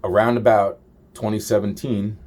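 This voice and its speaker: A man's voice: lowish voice, level tone, moderate pace, a little mellow, slight background noise. A man in a rambling monologue, swearing constantly and trailing off with exasperated sighs. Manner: trails off with repeated sighs of "wow".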